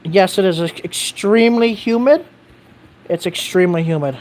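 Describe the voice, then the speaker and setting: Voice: mid-range voice, moderate pace, darkish tone. A live streamer in casual chat, rambling and correcting themselves, reading out viewer comments and swearing casually.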